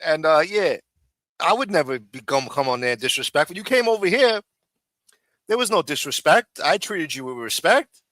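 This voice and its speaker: A man with a rather high, expressive voice hosts a live stream recap at normal speed, sounding a bit bright. Recorded on a studio mic for a radio-style show, the audio is clean with no room sound, and he teases his guests in a profane, streetwise manner.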